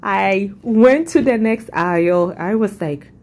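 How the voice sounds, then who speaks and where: A woman, from Africa, chatting casually and telling an animated story while doing her makeup on camera. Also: mid-range voice, slow. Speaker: makeup vlogger.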